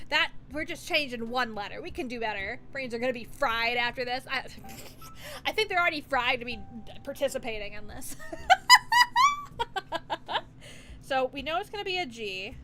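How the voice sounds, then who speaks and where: A woman's voice: high-pitched, animated, a little fast, bright, forceful tone, faint music behind. A woman streamer in casual live-stream chat, giggly, playful and rambling as she muses aloud.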